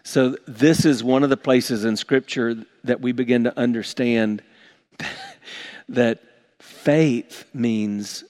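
A man's voice: medium pitch, slow pace, a little mellow. A man preaching a sermon to his congregation, earnest and emphatic, often repeating and restarting words. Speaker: pastor.

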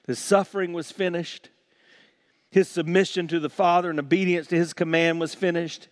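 A man preaching a sermon as pastor, swinging from quiet, slow lines to loud, shouted ones. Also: on the high side, level tone, no echo, clean studio sound.

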